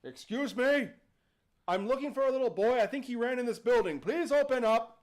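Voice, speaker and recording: A man voicing a huge, overly polite male genie who calls out loudly and apologizes as he goes. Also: extremely high pitch, animated, drawn-out words, pitched above the performer's own voice, full character voice. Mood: flustered polite. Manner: apologetic, loud and courteous.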